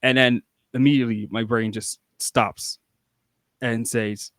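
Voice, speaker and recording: A man's voice: medium pitch, level tone, measured pace, fairly bright tone, no echo, studio quality. A young man, a wrestler guest on a podcast, telling rambling, casual stories full of restarts and acted-out quotes. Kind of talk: casual storytelling.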